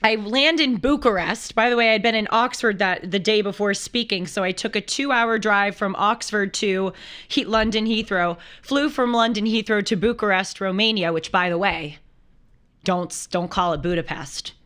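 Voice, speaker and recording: A woman hosting a talk show, telling a travel story in a lively, chatty way and acting out the people in it. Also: mid-range voice, normal speed. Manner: animated storyteller who acts out quoted voices. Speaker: show host. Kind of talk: casual chat.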